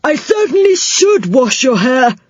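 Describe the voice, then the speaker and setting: A deaf little man hung with clanking pots and kettles, as a woman reads him, talking loudly and answering the wrong words. His voice is high and swoops about, set against a dry, faintly muffled recording. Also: very animated, a little slow, no echo, heavily acted. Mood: cheerfully confused. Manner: loud, mishears words and answers them. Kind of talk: children's audiobook reading. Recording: slightly muffled, dry sound.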